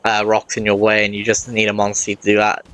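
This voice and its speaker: A man's voice: fairly low pitch, monotone, brisk, a bit bright, a little hiss or hum. A man giving casual let's-play commentary, rambling and often correcting himself mid-sentence.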